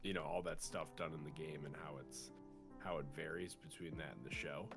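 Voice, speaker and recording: A man co-hosting a casual TV review chat, relaxed, trailing off with lots of ums. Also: rumbling low, normal speed, music in the background. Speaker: co-host of a TV review show.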